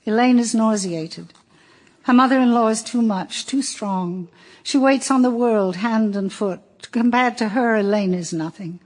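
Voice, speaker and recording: A woman narrating an audiobook in a wry, measured storytelling voice. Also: on the high side. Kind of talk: audiobook reading.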